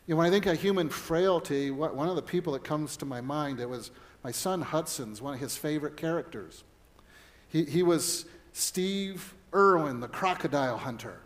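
A man's voice: a little high, normal speed. A middle-aged man, a pastor, preaching a sermon in an earnest way and weaving in personal stories.

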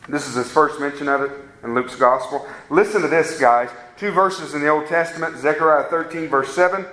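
A man preaching a sermon as a pastor, with rising emphatic peaks and slow, drawn-out stresses on key words. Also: on the high side, bright, forceful tone, reverberant, poor audio.

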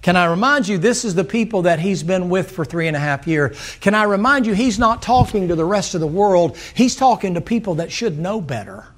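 A man preaching a sermon in a folksy manner, acting out voices and rising to emphatic shouts. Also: sits high, expressive, brisk, hardly any pauses.

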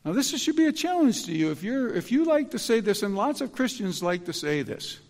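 A man preaching a sermon in an animated, emphatic way, often restarting his sentences. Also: high voice, a little fast, in a large hall.

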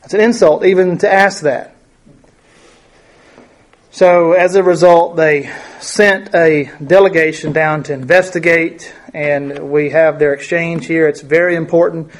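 A man with a somewhat high voice teaches a Bible lesson, reading verses and explaining them. He talks conversationally, full of fillers and rhetorical questions. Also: fairly even intonation, measured pace.

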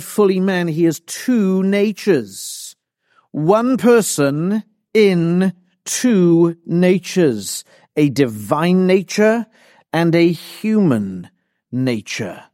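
A male pastor delivering a sermon at an unhurried, measured pace, leaning hard on repeated phrases. His voice sits a little high for a man. The sound is dry and close, with almost no room around it. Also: animated, warm tone, no echo. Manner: slow, emphatic, deliberate preaching with repeated phrases.

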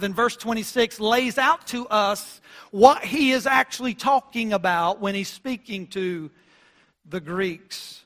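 Bright, high-voiced man preaching emphatically. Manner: emphatic preaching, surging loud on key phrases; stretches out quoted scripture slowly. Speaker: pastor. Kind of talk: sermon. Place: church.

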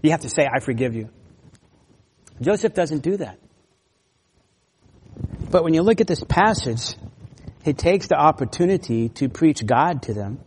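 A man's voice: on the high side, slightly rough. A man preaching a sermon as pastor, earnest and emphatic, with brief laughs and restarts. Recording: long hall reverb.

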